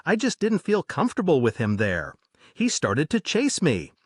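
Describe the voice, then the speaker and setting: A man reading a true horror story aloud in a lively, dramatic narrating manner. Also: fairly high pitch, normal speed, husky, dry recording, clean studio sound.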